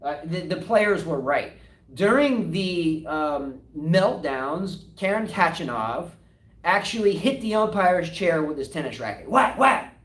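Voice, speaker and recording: A man with a voice on the high side, speaking a little slowly, co-hosts a casual live tennis talk show. He's animated and argumentative, pushing his points with rhetorical questions. The mic is distant and the room echoey.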